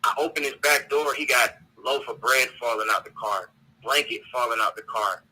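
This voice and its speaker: The recording is low quality: a male caller with a sharp, mid-range voice and a breathy edge, speaking at normal speed. He's on a talk show delivering a blunt, profanity-filled rant, frequently repeating words as he searches for them.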